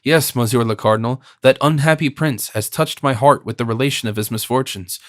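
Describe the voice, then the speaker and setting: A man's voice: mid-range voice, a little fast, dry recording, studio quality, lightly acted. A man playing a proud, earnest young king. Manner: haughty yet pleading.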